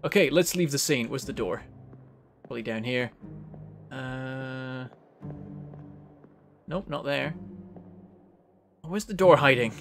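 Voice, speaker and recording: A man's voice: mid-range voice, slow pace, vocal fry, pauses often, soft background music. A man giving casual gameplay commentary, thinking aloud as he works things out. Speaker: game streamer.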